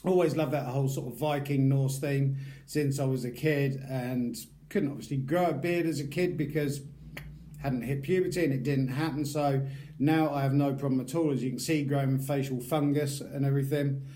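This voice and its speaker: Middle-aged British YouTuber with a mellow, relaxed voice; loose and informal, talking through a review. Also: male voice, mid-range voice, moderate pace. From United Kingdom. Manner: chatty, rambling, loose and informal. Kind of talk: casual product review.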